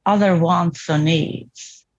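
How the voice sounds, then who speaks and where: A woman as a therapy client, talking reflectively and hesitantly with restarts and soft laughs, over a video call. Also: on the low side, fairly even intonation, takes it slowly, highs cut off, a little hiss or hum. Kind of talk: therapy session talk.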